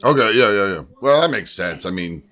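A man's voice: fairly low pitch, animated, a bit bright. A man co-hosting a casual podcast, cracking jokes and swearing as he chats. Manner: joking, profane, unhurried interjections. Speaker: podcast co-host. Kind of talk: casual chat.

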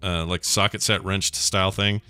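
A man's voice: sits low, little pitch movement, moderate pace, sharp tone, clear, resonant tone, no echo. A man co-hosting a podcast in casual chat, telling rambling stories and now and then putting on silly voices. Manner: rambling storyteller, puts on silly caller voices. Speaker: podcast co-host.

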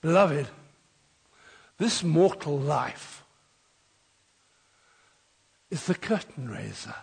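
A man's voice: a little high, expressive, very slow, vocal fry, a little mellow, slightly rough, long reverb tail. An older man preaching an Easter sermon, rousing and leading the congregation in call-and-response.

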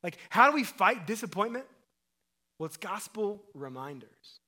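A man preaching a sermon as pastor, asking his listeners questions and acting out quoted voices, swinging between loud emphatic calls and quiet low passages. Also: sing-song, normal speed. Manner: acts out quoted voices and asks the crowd questions.

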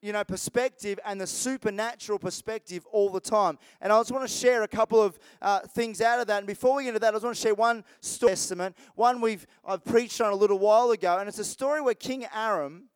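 A man's voice: sits high, fast talker, hardly any pauses, clear, resonant tone, dry recording. A man preaching a sermon as pastor, talking in a conversational, rambling way with restarts and asides.

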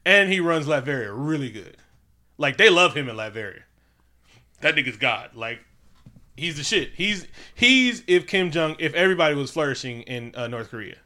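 A man with a bright, forward voice chats loosely about a film, rambling and swearing as he goes. He is animated and keeps slipping into quick impressions of the characters. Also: fairly high pitch. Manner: animated, profane, slips into impressions. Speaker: podcast co-host. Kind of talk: casual movie review chat.

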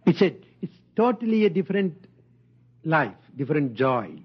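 An older man giving an informal spiritual talk, speaking slowly and gently and chuckling often. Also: fairly high pitch, very animated, slightly rough, muffled recording. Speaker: spiritual teacher.

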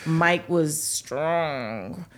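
A middle-aged woman, the host's mother, is a guest on a talk show, casually telling funny family stories. Her voice sits low and she draws out her words, animatedly acting out the voices of the people involved.

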